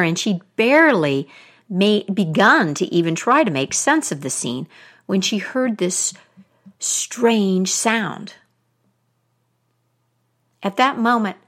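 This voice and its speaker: A woman telling a folk tale aloud, expressive, with dramatic pauses. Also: medium pitch. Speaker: storyteller.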